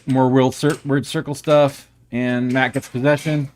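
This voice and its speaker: A man's voice: mid-range voice, little pitch movement, a little slow, a little mellow, a little hiss or hum. A man doing live play-by-play commentary on an air hockey match in a joking, playful manner.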